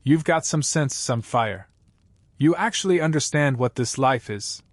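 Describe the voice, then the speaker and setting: A man voicing a wounded, grinning outlaw who talks in a calm, unhurried, taunting drawl, from a dry recording. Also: mid-range voice, no echo, lightly acted. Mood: persuasive.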